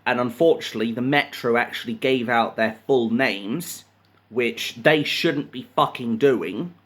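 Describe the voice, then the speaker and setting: A man reading news articles aloud and ranting about them in profane, indignant commentary, jumping from loud outbursts to muttered asides. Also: medium pitch, unhurried. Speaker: commentary channel host.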